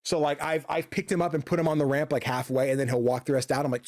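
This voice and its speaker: A man's voice: fairly high pitch, level tone, quick pace, darkish tone. A man streaming a video game from his home office, chatting casually, rambling and swearing, with lots of fillers and restarts. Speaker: gaming streamer.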